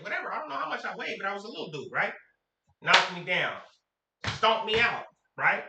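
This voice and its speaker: A man's voice: high-pitched, moderate pace, heavy background noise. A man from Sacramento telling a story to camera in a casual, slangy way, acting out the quotes. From Sacramento, California. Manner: animated, slangy, acts out quotes. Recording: echoey room.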